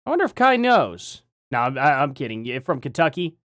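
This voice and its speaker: A man's voice: mid-range voice, sing-song, a little fast, fairly bright tone, no echo. A man chats his way through a live stream, rambling from thought to thought and laughing often. His voice swings up and down freely as he talks. The sound is dry and close, with no room around it. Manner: rambling, chatty, laughs often, reads chat aloud. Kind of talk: casual live stream chat.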